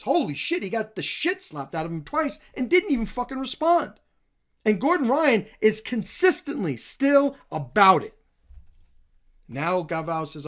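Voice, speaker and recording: A man hosting a reaction video, talking bluntly with plenty of swearing and animated emphasis. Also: sits high. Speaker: commentary channel host.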